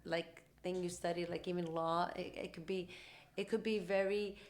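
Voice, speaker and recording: A woman hosting a podcast, talking quickly and animatedly in casual conversational storytelling and acting out what other people said. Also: lowish voice. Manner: rapid, animated talk, acting out quoted dialogue. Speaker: podcast host; mother.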